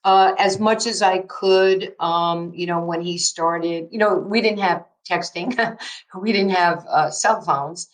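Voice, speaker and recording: A woman, telling a story as a guest in an interview, emphatic and excitable and laughing through her words. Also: lowish voice, takes it slowly, rough recording. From New York. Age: 60s. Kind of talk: animated storytelling in a podcast interview.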